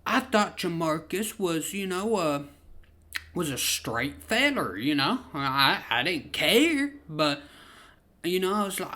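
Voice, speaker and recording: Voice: mid-range voice, big pitch swings, slow, pushed and bright. A young adult, telling a story in a casual, profane, laid-back way. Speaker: vlogger.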